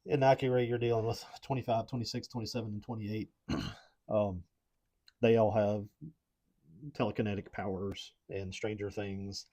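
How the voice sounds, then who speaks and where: A very low-voiced man from Appalachia co-hosts a podcast in loose, rambling chat. He talks at an easy pace, hunting for words and padding his speech with fillers. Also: moderate pace. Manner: relaxed, rambling with many fillers. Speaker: podcast co-host. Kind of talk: casual chat.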